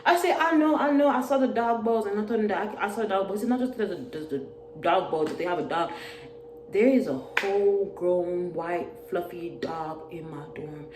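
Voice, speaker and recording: A young woman vlogging a storytime about college life, telling it in an animated way and acting out the loud quotes. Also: fairly low pitch, normal speed. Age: young adult. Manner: animated, acts out yelled quotes. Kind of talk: storytime vlog. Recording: echoey room, faint noise.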